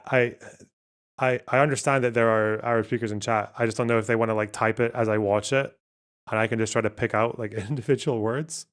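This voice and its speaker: A man streaming live, commenting casually on the news, swearing and laughing often, reading out translated lines as he goes. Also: medium pitch. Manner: casual, profane, laughs often, self-mocking; reads translations aloud haltingly.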